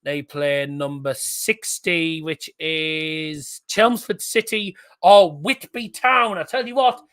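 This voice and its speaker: A man's voice: fairly high pitch, takes it slowly, a bit bright. A man hosting a live stream, calling out cup draw fixtures and chatting with viewers in the live chat. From England.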